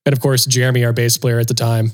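A man, a co-host and touring drummer, telling a story in casual chat and acting out quotes in a raised voice. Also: quick pace. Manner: animated storyteller, acts out quotes in a higher voice.

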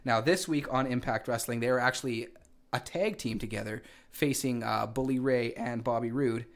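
A man co-hosting a wrestling radio show with a middle-pitched voice. He recaps the week's events in a loose, rambling way, often stopping to restart a sentence. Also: normal speed. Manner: rambling with frequent fillers and restarts. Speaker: co-host. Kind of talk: casual wrestling radio chat.

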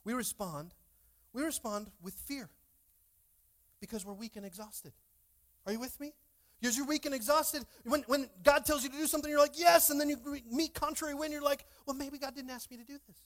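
A young man preaching a lively sermon as pastor, calling out to his congregation in church. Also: very high-pitched, brisk. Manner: animated, calls out to congregation.

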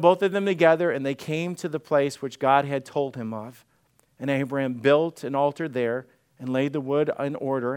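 A man's voice: medium pitch, clean tone. A male pastor preaching an interactive sermon, acting out Bible scenes and putting questions to the congregation.

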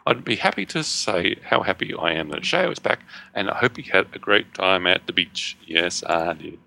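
Australian man, podcast co-host, very deep voice, bright edge, jokey chat. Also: big pitch swings, normal speed, creaky. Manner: jokey, chatty, self-deprecating. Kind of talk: casual podcast chat and reading listener mail.

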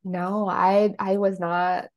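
Animated woman telling her story. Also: medium pitch, slow pace. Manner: animated storyteller, lively voiced quotes, soft tender passages. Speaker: guest, psychic and life coach. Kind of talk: casual interview storytelling.

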